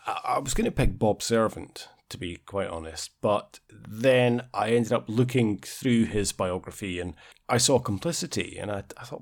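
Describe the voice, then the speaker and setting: A man's voice: lowish voice, animated, moderate pace, gravelly. A man co-hosting a podcast, reviewing a film in casual, hesitant talk full of stammered restarts. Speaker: podcast co-host.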